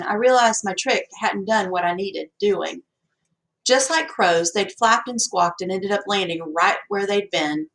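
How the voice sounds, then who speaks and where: Woman narrator, mid-pitch, folksy expressive storytelling for an audiobook. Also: poor audio. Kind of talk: scripted first-person narration.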